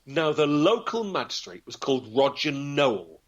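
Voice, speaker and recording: A man's voice: fairly high pitch, big pitch swings, moderate pace, dull audio. A man telling a historical tale in a dramatic, theatrical way, acting out the voices. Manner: theatrical, vivid, acts out voices. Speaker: local historian storyteller. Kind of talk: dramatic storytelling.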